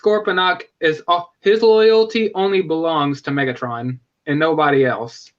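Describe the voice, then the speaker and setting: A man hosts a live stream of casual fan chat, speaking enthusiastically in a fairly high, steady voice at normal speed. He rambles and frequently corrects himself mid-sentence, and the recording is muffled.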